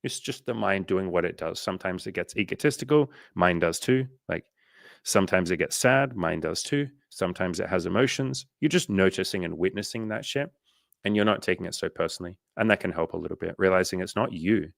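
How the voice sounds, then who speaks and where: A young Australian man with a low, gravelly voice, recorded close and dry with no room sound. He coaches casually on a livestream, swearing freely and acting out inner voices as he goes. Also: brisk, dry recording.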